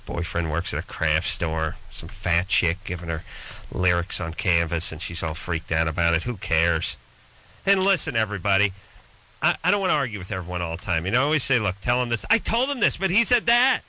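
A brash man co-hosting a call-in radio show, his voice lower and very bright, swinging widely in pitch. He mocks callers bluntly and slips into exaggerated impressions. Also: animated, a little fast, low-quality recording. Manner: brash, mocking, does exaggerated mimicry. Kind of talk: blunt advice call-in banter.

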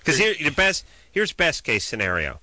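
A man's voice: a little high, huge pitch swings, normal speed, bright, forceful tone, no room sound. A man hosting a radio call-in show, joking and riffing through long absurd scenarios. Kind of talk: comic radio call-in banter.

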